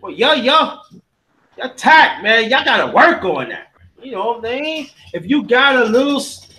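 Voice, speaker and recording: A man hosting a casual livestream panel, talking in an animated, slangy way, joking and scolding his guests. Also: very high voice, rough recording.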